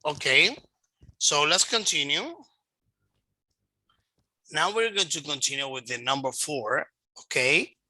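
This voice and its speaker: A man teaching an English lesson online, slow and patient, explaining step by step. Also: a little high, pushed and bright, no echo, poor audio.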